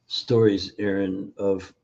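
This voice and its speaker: A man's voice: low voice, little pitch movement, creaky, a little mellow. A man being interviewed as a nutrition educator, telling stories with many fillers and acting out the people in them. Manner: storytelling, acts out quoted voices, halting with fillers. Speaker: functional nutrition educator, guest. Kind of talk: casual interview over video. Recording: dull lo-fi sound.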